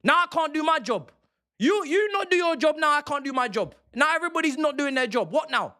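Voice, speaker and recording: A man's voice: very high voice, lively intonation, fairly quick, pushed and bright. Fuming young man ranting. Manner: angry, profane, repetitive ranting. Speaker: football streamer. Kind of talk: ranting live stream.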